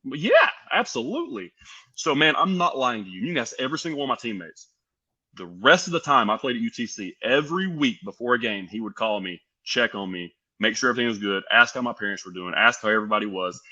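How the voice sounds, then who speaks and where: A young man from the United States telling stories as a podcast guest, lively and animated, acting out what others said. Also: lowish voice, quick pace, lo-fi sound. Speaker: podcast guest, pro wrestler. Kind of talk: casual storytelling.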